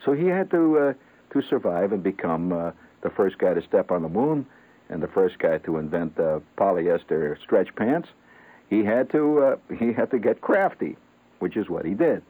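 A man hosting a late-night comic radio show, rambling and halting with lots of fillers and chuckles. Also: low-pitched, lively intonation, husky. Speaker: radio host. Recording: tinny lo-fi radio broadcast.

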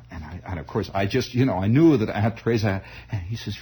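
A man telling a long personal story in a rambling, halting way, full of restarts and wry asides. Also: lowish voice, mellow, breathy edge. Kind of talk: comic spoken storytelling.

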